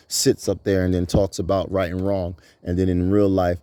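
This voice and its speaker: A man's voice: deep voice, level tone, moderate pace, warm tone, clean tone, no echo. A man in his thirties giving an emphatic, repetitive preaching monologue as a channel host.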